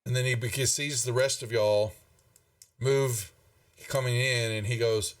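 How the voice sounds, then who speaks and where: A man's voice: medium pitch, steady tone, unhurried, far from the mic. A man running a tabletop game as game master, describing scenes in a loose, rambling way.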